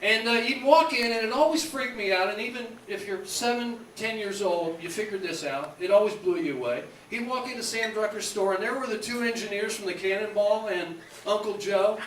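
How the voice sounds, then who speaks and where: A man rambling through a nostalgic stand-up bit on a club stage, his speaking voice sitting high. The recording is roomy and distant. A faint background hiss runs under it. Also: fairly quick, few pauses, fairly bright tone. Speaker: radio host doing stand-up. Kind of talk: stand-up comedy.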